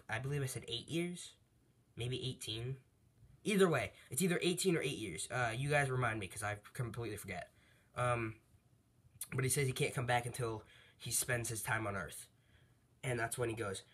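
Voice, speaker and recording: A man telling a fan story off the cuff, full of fillers, asides and quick corrections. His voice is husky and ordinary in pitch. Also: a bit bright. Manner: rambling, with fillers and laughs. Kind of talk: casual fan story narration.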